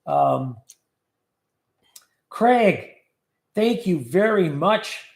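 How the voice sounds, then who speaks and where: A man's voice: sits high, lively intonation, very slow, vocal fry. A man hosting a livestream, casually chatting and joking as he reads viewer comments aloud. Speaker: livestream host. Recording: echoey room.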